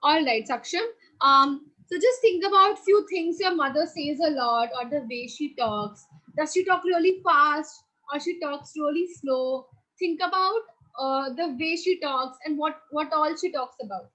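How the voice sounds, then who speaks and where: A woman leads an online drama class. Her voice is fairly high and her pace is unhurried. She explains patiently and encourages her students over a video call. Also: bright, forceful tone, low-quality recording. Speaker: drama teacher.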